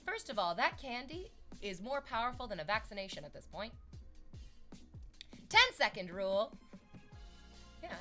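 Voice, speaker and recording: A woman's voice: medium pitch, fairly bright tone. A woman streamer chatting casually and sarcastically, reading chat messages aloud.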